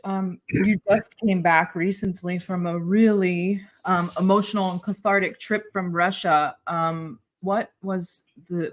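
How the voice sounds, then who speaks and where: An interview host putting a question to a guest, hesitant with many pauses and ums. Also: medium pitch, fairly bright tone.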